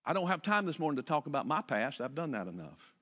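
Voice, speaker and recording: An older man preaching a sermon as pastor, retelling a story with lively repetition. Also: on the high side, fast, in a large hall. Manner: animated storytelling with repeated phrases. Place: church.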